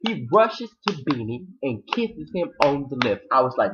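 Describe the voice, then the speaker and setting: Male reviewer, excitable recap delivery, jumps into shrill character voices, muffled lo-fi audio. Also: fairly quick, few pauses, a little hiss or hum. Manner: acts out characters' lines with sudden high-pitched outbursts. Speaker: TV episode reviewer. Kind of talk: animated recap commentary.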